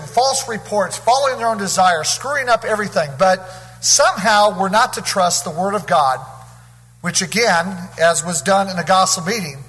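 A man's voice: high voice, fairly bright tone, breathy edge, in a large hall, low-quality recording. A man preaching a Bible study sermon, reading scripture aloud and commenting on it verse by verse.

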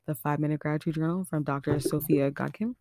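Gravelly-voiced woman telling stories. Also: low-pitched, fast talker, dry recording. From Nova Scotia, Canada. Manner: chatty and animated, heavy use of "like", acts out quotes. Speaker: podcast host. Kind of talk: casual storytelling monologue.

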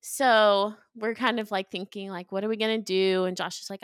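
A woman's voice: medium pitch, steady tone, moderate pace, smooth, no room sound, studio quality. A woman co-hosting a marriage podcast, talking in a chatty, emotional way with lots of fillers. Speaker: podcast co-host. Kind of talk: casual chat.

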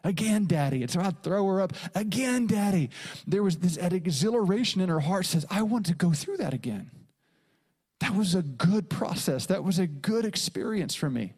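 A man's voice: sits high, expressive, normal speed, darkish tone, breathy edge. A middle-aged man preaching a sermon as a pastor, driving his points home with repeated phrases and acting out quoted lines. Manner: preaching with emphatic repetition and dramatic quoted asides.

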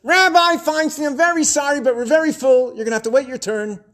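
A man voicing a blunt middle-aged woman receptionist in a told story, speaking high and rushed. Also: fairly even intonation, a bit bright. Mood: apologetic, firm.

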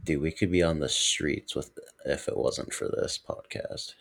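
A man with an extremely deep, gravelly voice co-hosts a relaxed podcast, speaking slowly and laughing often. He swears casually and keeps many replies short. The recording is dry and close-miked. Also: dry recording. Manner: laid-back, laughs a lot, swears, terse replies. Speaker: podcast co-host. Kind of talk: casual chat.

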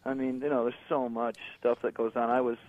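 A middle-aged guest musician chats casually in an interview, speaking a little fast in a mid-range voice with a laid-back, slangy style that turns animated when he jokes. He comes through a tinny phone line.

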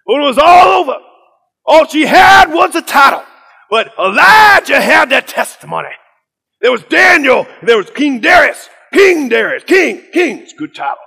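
A man voicing a fiery preacher who shouts at a room of children in an emphatic, repetitive sermon style. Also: sing-song, unhurried, gravelly, in a large hall, heavily acted. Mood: rousing. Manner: booming, emphatic, repeats phrases.

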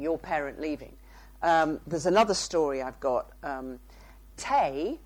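A woman's voice: low-pitched, low-quality recording. A woman, a psychotherapist and author, telling case stories as a guest. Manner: storytelling with quoted dialogue.

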